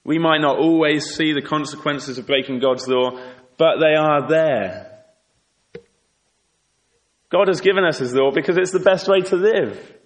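A man's voice: fairly high pitch, a bit bright. A man preaching a sermon in an earnest, exhorting way, asking rhetorical questions. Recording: echoey hall with long reverb.

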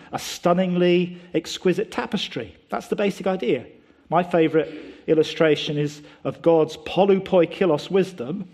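A man delivers a sermon in an emphatic, explanatory way, often pausing on rhetorical questions. His voice sits a little higher than most men's. He builds each point in steps. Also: darkish tone. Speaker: preacher.

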